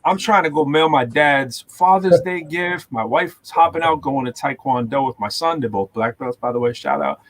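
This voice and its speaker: A man from Massachusetts who hosts a podcast and raps, ranting in casual, animated chat with lots of fillers. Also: a little high, moderate pace, few pauses. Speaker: podcast host and rapper.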